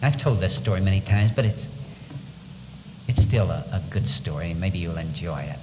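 A man with a somewhat low voice tells a story in an earnest, measured way. He pauses often as he speaks. The recording has a long, echoing reverb and clear background noise. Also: expressive. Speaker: speaker recounting wartime captivity. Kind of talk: storytelling talk. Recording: echoey hall with background noise.

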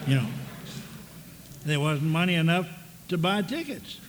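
Older male preacher with a slightly high voice, folksy and halting, recorded in a big reverberant church hall with faint noise. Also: lively intonation. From American South. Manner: folksy, halting with many restarts. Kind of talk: storytelling sermon. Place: large church hall with audience.

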